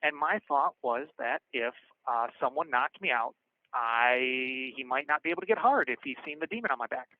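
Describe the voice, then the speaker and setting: A man's voice: mid-range voice, normal speed. Man telling stories over a tinny phone line. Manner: frank, animated, acts out quoted voices. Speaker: guest storyteller. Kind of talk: casual storytelling on a call. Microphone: prison phone.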